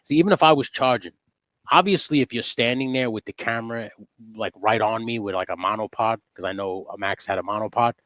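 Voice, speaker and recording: A man hosting a live stream in casual chat, telling stories in a profane, animated way. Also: on the low side, a little fast, no echo.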